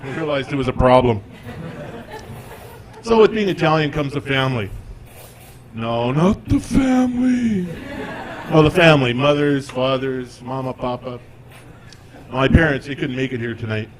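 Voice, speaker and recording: A man in his forties brings a brisk, mid-range voice to his stand-up set, chatting conversationally and poking fun at himself. It's recorded before a live audience in a comedy club.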